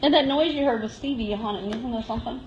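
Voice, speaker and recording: High-voiced woman cooing to cats. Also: quick pace, roomy sound, dull audio, slight background noise. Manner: cooing baby-talk to cats, frequent laughs. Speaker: shelter volunteer giving a live tour. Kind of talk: casual live-stream tour. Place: indoor cat room at an animal shelter.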